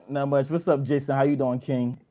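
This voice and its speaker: A man's voice: mid-range voice, fairly even intonation, measured pace, dark tone, dry recording. A man calling in to a talk show, asking playful, teasing questions. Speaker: caller.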